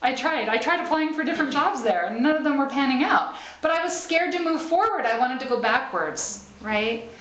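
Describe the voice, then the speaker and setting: A woman's voice: high-pitched, animated, brisk, a bit bright, muffled recording. A middle-aged woman speaker giving a live sermon to a small group, talking conversationally, laughing often and checking in with "right?". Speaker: spiritual speaker. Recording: roomy live stream recording.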